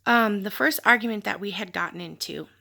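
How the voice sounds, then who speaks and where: A woman's voice: mid-range voice, a little fast, gravelly, sharp tone. A woman telling a personal story in a candid, reflective vlog, with sighs and fillers. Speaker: vlogger telling her story.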